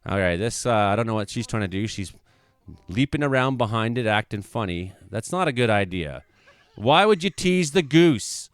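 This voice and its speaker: Man, casual video commentary, excitable, profane, smooth resonant voice, dry sound. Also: fairly low pitch, moderate pace, no room sound. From Canada.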